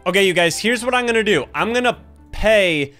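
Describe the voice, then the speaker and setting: A man's voice: high voice, fairly quick. A young man doing let's-play commentary of a horror game, talking to viewers and yelping at every scare. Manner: excitable, yelps and shouts at scares; talks to viewers as "you guys". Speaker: gaming YouTuber. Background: game music.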